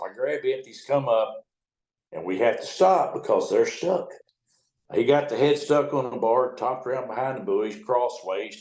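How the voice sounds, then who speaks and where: An older man tells colorful river stories in a loose, salty, folksy way. His voice sits at an ordinary middle pitch for a man. The room gives it a noticeable echo. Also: darkish tone. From United States. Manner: folksy, profane, acts out the other people's lines in quotes. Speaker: retired river towboat captain. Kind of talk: conversational storytelling. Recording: roomy echo.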